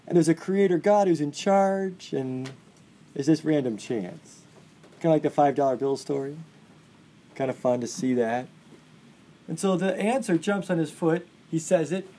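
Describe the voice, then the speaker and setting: A man's voice: on the high side, darkish tone. A man teaching an English class, enthusiastic and full of questions to his students. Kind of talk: classroom lecture.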